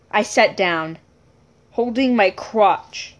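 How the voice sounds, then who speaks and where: Woman telling a funny story, kinda high voice, slow and giggly, rambles a lot. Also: animated. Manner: giggly, keeps breaking into laughter; rambling, self-correcting asides. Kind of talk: casual personal storytelling.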